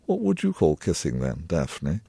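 A man doing a tipsy, mocking gentleman. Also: sits low, sing-song, normal speed, husky, no room sound, heavily acted. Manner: dreamy and mocking. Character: tipsy, mocking older gentleman, dopey and insistent.

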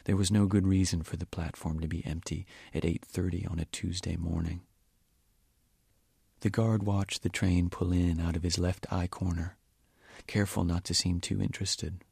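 Low, gravelly man reading quietly. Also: level tone, dry recording, clean studio sound. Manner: measured, quiet, at times near a whisper. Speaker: author reading his novel. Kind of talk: audiobook-style reading.

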